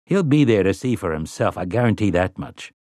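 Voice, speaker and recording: A man's voice: on the low side, animated, fairly quick, a little mellow, dry recording, studio quality. A man voicing a sly, easygoing man who talks in a breezy, conspiratorial, folksy way.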